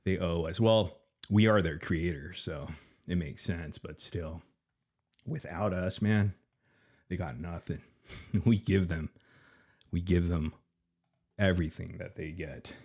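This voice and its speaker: Breathless male stream host with a deep voice and a sarcastic, taunting delivery. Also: slow, pauses often, a little mellow. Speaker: livestream commentary host. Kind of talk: casual mocking commentary.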